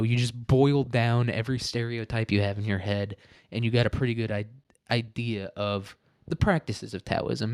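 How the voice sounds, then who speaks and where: A man's voice: medium pitch, darkish tone, clean tone, no echo, clean studio sound. A man hosting a podcast, talking through his topic in a rambling, joking way and swearing freely. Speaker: podcast host. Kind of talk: casual podcast monologue.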